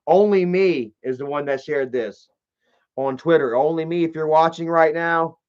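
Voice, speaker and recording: A man's voice: on the high side, fairly even intonation, moderate pace, darkish tone, clean tone, lo-fi sound. A man hosting a livestream, rambling with many fillers and making sarcastic, profane remarks. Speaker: livestream host. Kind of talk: casual live-stream commentary.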